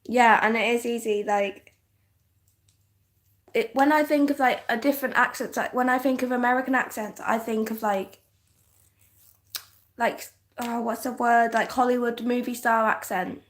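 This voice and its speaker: A young woman from northern England with a softened English accent, chatting casually on a livestream, giggly and full of "like" fillers. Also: on the high side, fairly even intonation, normal speed, pauses often. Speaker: livestream host. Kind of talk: casual livestream chat reading comments.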